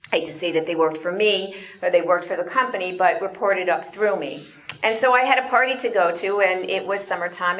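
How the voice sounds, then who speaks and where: A woman giving an animated storytelling talk, asking her audience questions as she goes. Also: fairly low pitch, muffled recording. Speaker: speaker.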